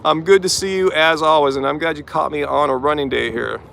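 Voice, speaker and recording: Vegan host, male, slightly high voice, live chat Q&A outside after a run, argumentative and chatty, faint traffic behind. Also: fairly quick, gravelly, pushed and bright. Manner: talkative, pointed, rebutting commenters. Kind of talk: live-stream Q&A.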